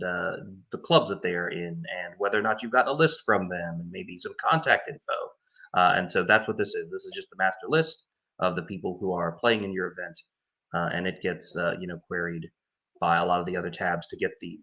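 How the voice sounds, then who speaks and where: A man with a low voice and a bright, forceful edge gives an informal screen-share walkthrough. He talks plainly and casually as he explains how he runs a tournament. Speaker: tournament organizer explaining his tools.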